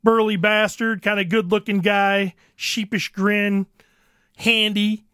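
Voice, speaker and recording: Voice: mid-range voice, little pitch movement, slow pace, pushed and bright, smooth, dry recording, clean studio sound. A podcast host telling a profane, exasperated comic rant about a holiday movie. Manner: crude, exasperated storytelling.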